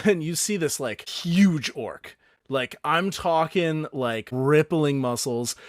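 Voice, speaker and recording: A man's voice: fairly high pitch, takes it slowly, no echo, studio quality. A man as dungeon master, narrating a tabletop game in a casual, chatty way.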